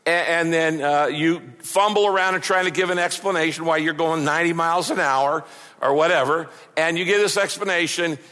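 A man's voice: fairly high pitch, fairly even intonation, brisk, sharp tone, in a large hall. A man pastor preaching a sermon, earnest and conversational, often repeating words for emphasis.

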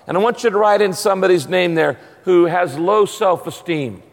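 A man preaching a sermon as pastor, emphatic and animated. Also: sits high, moderate pace, gravelly, big-room sound.

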